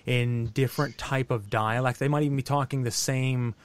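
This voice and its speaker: A male podcast host who talks in a measured, explanatory way. His voice sits at an ordinary middle pitch. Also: fairly even intonation, no echo. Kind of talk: interview talk.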